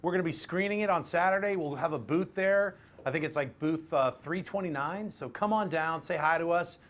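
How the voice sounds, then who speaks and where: A loose, jokey male co-host with a fairly high voice, chatting casually on a live stream. He keeps things relaxed as he hands the talk over to his guests. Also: a little fast. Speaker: show co-host.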